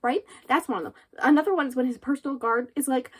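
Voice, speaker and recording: A woman with a notably high voice talks fast, with hardly any pauses, in a casual book review vlog. She retells the story in a loose, rambling, animated flow full of fillers.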